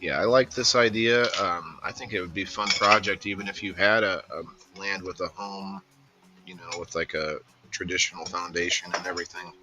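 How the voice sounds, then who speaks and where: A man's voice: low-pitched, steady tone, normal speed, over music. A man hosting a casual livestream, rambling in an easygoing way and greeting viewers by name. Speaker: livestream host.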